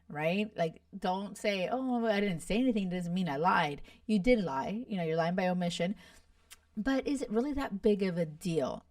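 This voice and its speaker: A young woman from Miami hosts a podcast, chatting casually and gushing about a reality show with plenty of "like" and "you guys." Her voice is lowish, and the studio-quality recording has no room sound but was captured from a distance.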